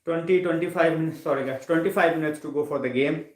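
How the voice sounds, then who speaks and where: A man's voice: a little high, quick pace, echoey room, poor audio. A sleepy man hosting a late-night live stream, chatting casually, yawning, full of fillers and repeated phrases. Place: home room, late at night.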